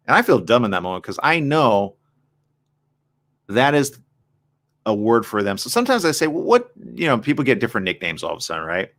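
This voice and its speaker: A man's voice: mid-range voice, a bit bright. A man hosting a morning show, talking candidly and reflectively in a personal monologue, often asking rhetorical questions.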